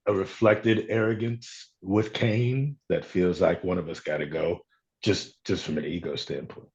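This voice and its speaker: Low-voiced playful man on a dull line. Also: fairly even intonation, measured pace, a little mellow. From Chicago. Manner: playful, laughs often, restarts phrases. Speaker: actor guest. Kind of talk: interview conversation.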